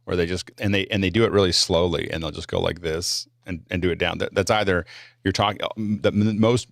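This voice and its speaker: Man, host, casual panel chat, video call, low gravelly voice, dry sound. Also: fairly even intonation, dry recording. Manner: rapid, with frequent restarts. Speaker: show host.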